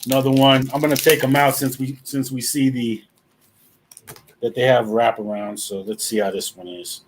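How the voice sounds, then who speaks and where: A man's voice: mid-range voice, level tone, moderate pace, slight background noise. A man co-hosting a live talk show, chatting casually and loosely, swearing and laughing. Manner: loose, profane, laughing banter. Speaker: podcast co-host. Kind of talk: casual chat.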